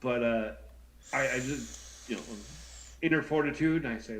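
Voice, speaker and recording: A man in his thirties telling a story in casual chat, animated and stammering, acting out voices as he goes. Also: medium pitch, moderate pace, pauses often, poor audio. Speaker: co-host.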